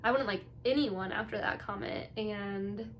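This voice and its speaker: A woman's voice: medium pitch, unhurried, a little hiss or hum. A young woman vlogging her reactions to a TV episode in casual, bubbly, gushing chat. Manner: gushing, bubbly, full of "like" and "you guys".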